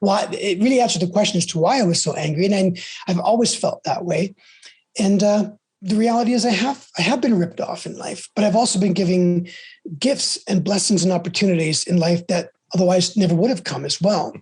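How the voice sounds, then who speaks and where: Husky-voiced middle-aged man telling his story. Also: high voice, fairly quick, darkish tone. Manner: emphatic, with frequent restarts and repetitions. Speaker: podcast guest, abuse-survivor advocate. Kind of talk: candid conversational storytelling.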